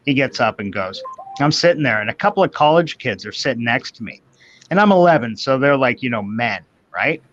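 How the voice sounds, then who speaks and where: A man's voice: medium pitch, a bit bright. Casting note: Canadian man, fifties, easygoing rambling storyteller, slightly muffled lo-fi audio. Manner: rambling anecdotal storyteller, quotes others in voices. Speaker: guest. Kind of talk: casual chat, storytelling. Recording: dull lo-fi sound.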